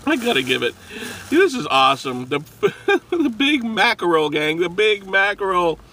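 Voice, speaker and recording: A man's voice: sits high, very animated, unhurried, sharp tone, a little hiss or hum. A man hosting a casual food review vlog, talking in an upbeat, rambling way and laughing often.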